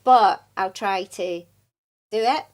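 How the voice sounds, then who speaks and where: Scottish woman, middle-aged, chatty and candid, mid-pitched voice, podcast guest. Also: slow pace. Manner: chatty, candid, laughs often, restarts sentences. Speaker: podcast guest, business owner. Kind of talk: casual interview chat.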